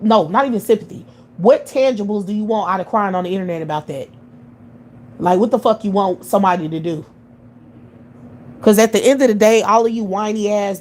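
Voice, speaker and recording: This livestream commentator, a woman from the United States, rants in a blunt, heated, and profane monologue that circles around on itself. She speaks at medium pitch over a little hiss or hum.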